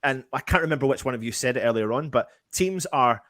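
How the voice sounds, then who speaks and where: A man's voice: mid-range voice, animated, fast talker, a bit bright, no echo, studio quality. Emphatic, frustrated man in a fan chat. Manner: frustrated, emphatic, repeats himself. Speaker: podcast panelist. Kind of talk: casual fan chat on a live stream.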